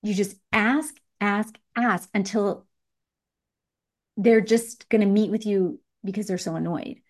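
A woman coaching participants on a group call, direct and encouraging, with animated emphasis. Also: medium pitch, takes it slowly. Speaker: business coach.

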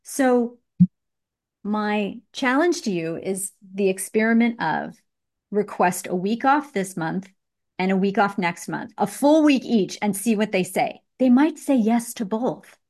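A woman coaching participants on a group call, direct and encouraging, with animated emphasis. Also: medium pitch, measured pace. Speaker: business coach.

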